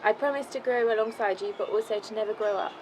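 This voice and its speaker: A woman's voice: on the high side, quick pace, noisy background. A woman, the bride, reading her wedding vows outdoors in a park, nervous and close to tears.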